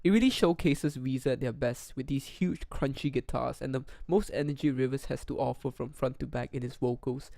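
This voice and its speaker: A young man talks through an album review with earnest enthusiasm, his voice sitting at an ordinary middle pitch. He is recorded close on a condenser microphone at home. The sound is dry, with no room echo. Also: brisk, creaky, few pauses, mellow. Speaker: music reviewer. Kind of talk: scripted album review narration. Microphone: condenser studio microphone.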